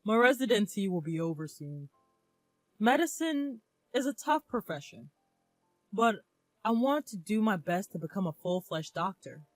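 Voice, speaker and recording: A woman's voice: mid-range voice, sing-song, moderate pace, no echo, faint music behind. A woman voicing a kind, sincere young male doctor who speaks earnestly.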